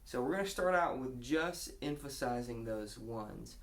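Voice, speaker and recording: A man's voice: medium pitch, animated, measured pace. A man giving a casual guitar lesson, explaining a strumming pattern and counting beats aloud. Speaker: guitar teacher.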